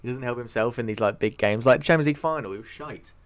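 A man's voice: mid-range voice, fast. A young English man in casual podcast banter, teasing and swearing a lot. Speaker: podcast co-host.

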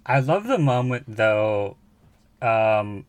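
A man's voice: lowish voice, very animated, slow pace. A man co-hosting a film podcast, chatting casually and rambling with fillers and self-corrections. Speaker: podcast co-host.

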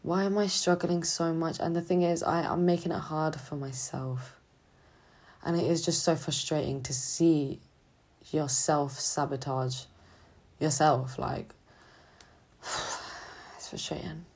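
A young woman student talking haltingly and hesitantly in a confessional vlog, sounding drained and low on energy. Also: a little mellow. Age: young adult. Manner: halting, hesitant, full of restarts. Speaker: student vlogger.

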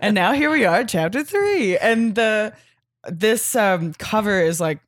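A woman co-hosting a comics podcast, chatty and giggly, swearing casually in relaxed chat. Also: mid-range voice, measured pace, no echo, studio quality. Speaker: podcast co-host.

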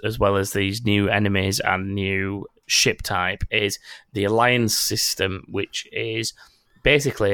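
A man's voice: fairly low pitch, a bit bright, clear, resonant tone, dry recording, studio quality. A man hosting a casual gaming news chat, rambling with many ums and restarts. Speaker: podcast host.

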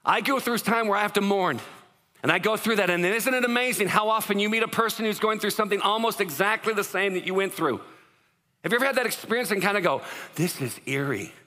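A man preaching a sermon as pastor, in an animated, conversational way, acting out what people say. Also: high voice, fast talker, long reverb tail.

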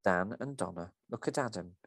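A man's voice: fairly low pitch, animated, normal speed, gravelly, a bit bright, no echo. A man co-hosting a podcast, reading a script aloud and discussing it with a theatrical delivery.

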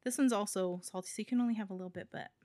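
A woman's voice: medium pitch, racing, warm tone, dry recording. Giggly podcast co-host lady from hawaii, rambly fillers, dry mic. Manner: chatty, giggly, with many fillers. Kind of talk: casual chat.

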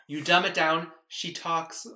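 Man, bright voice, podcast co-host, emphatic casual chat. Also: a little high, fairly even intonation. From United States. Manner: quick, emphatic, casual swearing.

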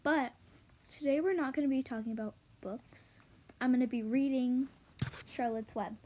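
A woman's voice: high-pitched, moderate pace, mellow, a little hiss or hum, low-quality recording. A woman reading a children's book aloud, hesitant, with stumbles and fillers. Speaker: reader.

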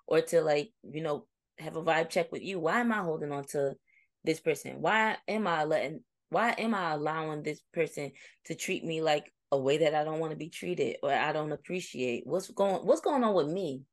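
This co-host is a young woman whose deep voice moves at a normal speed, recorded dry. In a relaxed conversation she reflects through a story, voicing her friends' responses with lively energy.

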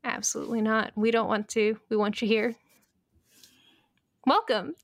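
A woman hosting a podcast, easygoing and quick to laugh, with many hesitant fillers. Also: fairly high pitch, fairly even intonation, creaky, no echo, clean studio sound. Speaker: podcast host. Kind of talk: casual chat.

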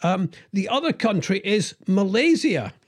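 A man's voice: high-pitched, very animated, a little slow. A man co-hosting a casual chat, hesitant, with many fillers and stammered restarts. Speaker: podcast co-host, former radio presenter.

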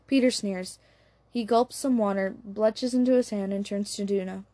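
A woman reading an audiobook as its narrator, in an even, unhurried way. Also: mid-range voice, no echo. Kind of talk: scripted narration.

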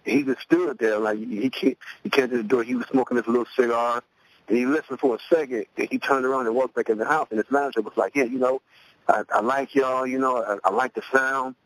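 A middle-aged man from Cleveland, a rapper guest, telling a story casually, often repeating words as he restarts, and lifting his pitch to act out quoted voices. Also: steady tone, fast talker, low-quality recording. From Cleveland, USA. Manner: loose, repeats words while restarting sentences.

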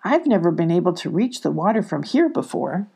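A woman voicing a cheerful young girl character in a storybook reading, with a higher, eager voice. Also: big pitch swings, brisk, creaky, husky, exaggerated voice. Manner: bright, eager, exclaiming.

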